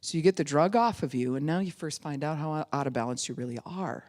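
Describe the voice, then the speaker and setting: A woman's voice: low voice, quick pace, darkish tone. A woman pastor preaching a sermon, acting out quotes in different voices and laughing often.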